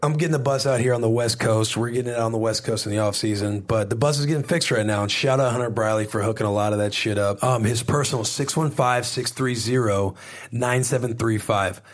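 A man's voice: medium pitch, fairly quick. A young man hosting a podcast, rambling and cursing casually from a hotel room. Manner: rambling, profane, energetic. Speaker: podcast host.

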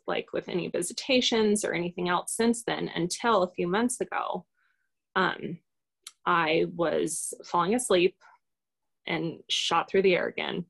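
A woman guest talks through a personal experience in a loose, unscripted way. Her voice has a gravelly, creaky texture, and she keeps pausing on fillers and restarting her sentences. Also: lowish voice. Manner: rambling, hesitant, many fillers. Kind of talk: casual personal storytelling in an interview.

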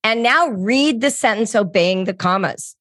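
A woman's voice: a little high, a little slow, no echo. Middle-aged woman podcast host, explains stuff with acted-out examples, dead dry mic. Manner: animated explainer, acts out examples. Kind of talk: casual teaching chat.

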